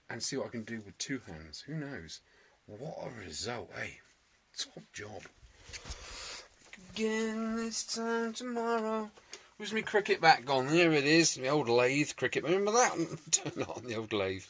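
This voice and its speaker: A man's voice: mid-range voice, a bit bright, slight background noise. A man talking through a restoration job in his workshop, chatty and jokey, muttering to himself and swearing mildly. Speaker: restoration video maker.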